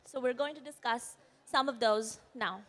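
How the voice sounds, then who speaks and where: High-voiced woman giving a shaken talk. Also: moderate pace, a bit bright. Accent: Indian English. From India. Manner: earnest, explanatory, with brief apologies. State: voice quivering, shaken. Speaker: conference speaker. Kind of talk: presentation talk. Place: conference stage.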